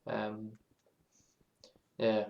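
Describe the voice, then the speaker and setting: In a muffled recording from an echoey room, a man streams a game and chats in a lowish monotone with vocal fry, drawing out his words. His casual live-stream talk is rambling and musing, full of self-interruptions that loop back on themselves.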